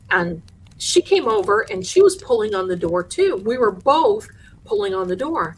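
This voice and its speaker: A woman hosting a live show, telling a haunted house story with lively energy and acting out the people in it. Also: medium pitch, moderate pace, slight background noise. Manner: animated, acts out the people in her story. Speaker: host.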